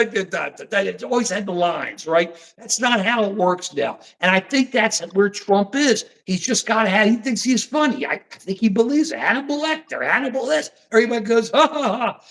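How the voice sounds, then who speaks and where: High-pitched guy rambling on a political live stream, all worked up, casual chat. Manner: animated, rambling, keeps apologizing and handing over. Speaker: co-host of a political livestream.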